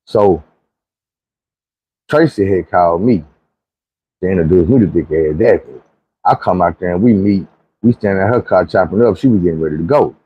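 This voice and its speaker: A man's voice: normal speed, pauses often, husky, dull audio. A man telling a comic story in a casual, profane, rambling way. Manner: profane, slangy, rambling, leaps into high squeaky voices for quotes.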